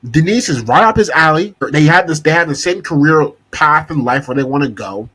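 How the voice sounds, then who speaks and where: A man's voice: fairly high pitch, animated, fairly quick, a bit bright, breathy edge, low-quality recording. A young man hosting a podcast, ranting casually and exasperatedly about a TV show and swearing freely. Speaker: podcast host.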